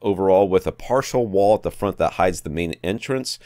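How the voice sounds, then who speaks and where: A man co-hosting a podcast, reading out a listener's room description in a relaxed way. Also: low voice, a little fast, no room sound, clean studio sound. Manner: relaxed, reads listener letters, laughs often. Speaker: podcast co-host. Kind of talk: casual technical chat.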